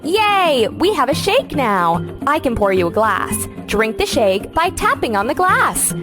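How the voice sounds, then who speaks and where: A bright, high, lilting voice of a cheerful young farm girl for a children's game, drawing each word out slowly with a bouncy swoop. She sounds eager to help, over light background music. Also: sing-song. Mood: sunny, encouraging. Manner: slow, sing-song, encouraging. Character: cheerful young woman farmer guiding kids. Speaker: game guide character.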